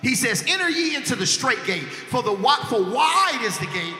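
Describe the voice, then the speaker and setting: A man preaching a sermon to a congregation, going from quiet talk to shouted, sung-out lines and calling for responses. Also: very high voice, sing-song, normal speed. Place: church. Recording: echoey church hall with music behind.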